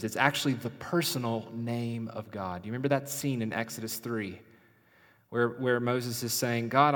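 A male pastor preaching a sermon, swinging between loud urgent questions and soft, hushed phrases. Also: mid-range voice. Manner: dynamic preaching, rising loud then dropping to near whisper. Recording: long hall reverb.

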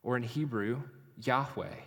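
A male pastor preaching a sermon, swinging between loud urgent questions and soft, hushed phrases. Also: medium pitch, measured pace. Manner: dynamic preaching, rising loud then dropping to near whisper. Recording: long hall reverb.

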